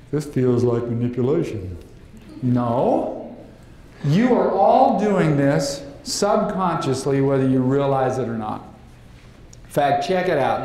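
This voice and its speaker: A man giving a lively live seminar to an audience, asking the room questions and acting out quotes. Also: a little high. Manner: animated, acts out quotes, asks the room questions. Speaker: leadership trainer. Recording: very echoey room, faint noise.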